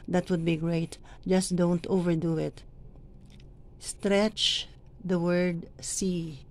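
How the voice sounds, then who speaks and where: Slow, deliberate woman coaching scripture readers. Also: on the low side, a little mellow. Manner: slow, deliberate, stretches stressed words. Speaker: lector trainer. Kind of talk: instructional reading guide.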